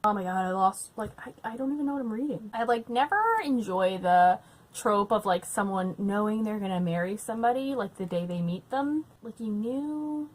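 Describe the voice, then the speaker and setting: A young woman at home, tipsy on wine, chatting casually to camera and ranting with lots of swearing and loud outbursts. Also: mid-range voice, moderate pace. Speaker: book vlogger. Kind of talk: casual drunk reading vlog.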